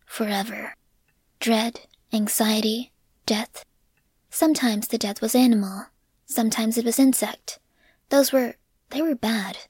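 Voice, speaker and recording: A woman narrating a story in a measured voice that drops to a whisper on grim passages. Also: fairly high pitch, a little mellow, breathy edge, dry recording. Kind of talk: audiobook narration.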